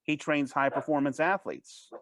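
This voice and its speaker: A man's voice: on the high side, no room sound. Man telling a rambling story. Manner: rambling, with many restarts and false starts; animated, fast-paced anecdote telling. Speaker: interview guest. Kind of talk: casual storytelling.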